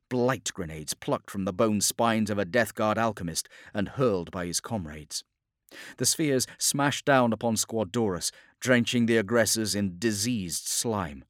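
A man narrating a war story as a scripted audiobook, in a steady, dramatic storytelling delivery. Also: lowish voice, dry recording, clean studio sound.

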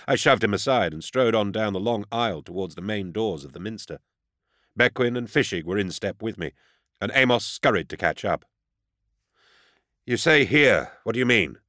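A man reads a first-person audiobook in a steady, even manner. His voice sits low, and the recording is dry and close with no room sound. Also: brisk, dry recording. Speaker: audiobook narrator.

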